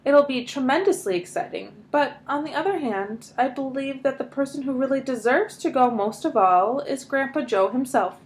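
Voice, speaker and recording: A modest storybook father, played by a woman reading aloud, gentle and soft-spoken. His words come quiet and considered, with no push in them. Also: sits high, moderate pace, hardly any pauses, voice pushed up, natural voice.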